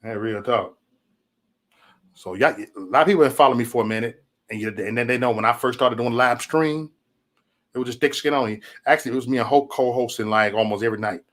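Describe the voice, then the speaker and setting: Brisk and mid-range, a male livestream host rambles through a casual, profane rant, animatedly telling stories along the way.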